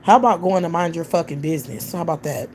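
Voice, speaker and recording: A woman's voice: fairly low pitch, quick pace, a little mellow, a little hiss or hum. A woman hosting a livestream, ranting bluntly with heavy profanity. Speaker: livestream host. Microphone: computer or phone mic on a livestream.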